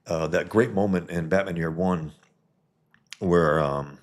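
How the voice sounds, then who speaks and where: A man's voice: deep voice, measured pace. A man casually reviewing a comic on a live stream, rambling with many fillers and restarts.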